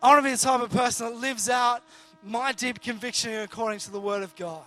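Male preacher, high tenor, casual sermon, self-deprecating, stop-start phrasing. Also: fairly even intonation, fairly quick, bright, forceful tone, faint music behind. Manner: earnest, jokey, frequent restarts. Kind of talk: conversational sermon.

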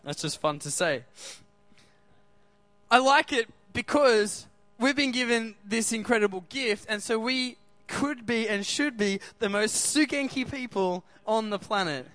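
A man preaches with a bright, high-pitched voice. He keeps the crowd involved with quick questions. The sound is close and dry, with little room around it. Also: expressive, no room sound. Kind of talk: sermon.

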